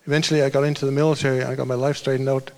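A man's voice: mid-range voice, flat delivery, racing, darkish tone. A man preaching a sermon as a pastor, telling a story in a loose, conversational way with restarts and asides.

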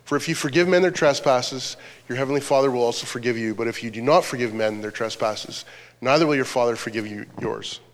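A man's voice: mid-range voice, fairly quick. Man preaching in a reverberant hall. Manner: earnest preaching, reading scripture aloud. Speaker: pastor. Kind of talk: sermon.

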